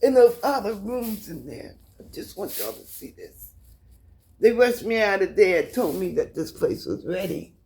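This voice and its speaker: A woman's voice: mid-range voice, big pitch swings, normal speed, a little mellow, breathy edge. A middle-aged American woman filming in her apartment, speaking passionately to her viewers while holding back tears and stuttering. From United States. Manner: impassioned, repetitive, addresses viewers directly. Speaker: vlogger. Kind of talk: emotional personal video.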